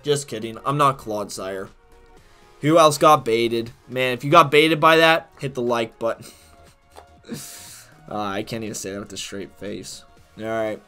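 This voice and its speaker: A man's voice: medium pitch, expressive, measured pace, pauses often, sharp tone, clear, resonant tone, soft background music. A man giving profane, trash-talking live commentary while he plays a competitive game, swinging between rage and jokes.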